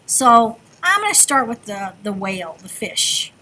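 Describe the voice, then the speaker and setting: A woman's voice: fairly high pitch, sing-song, measured pace, pushed and bright. A woman teaching a kindergarten class, talking in an encouraging sing-song way to small children. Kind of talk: classroom instruction.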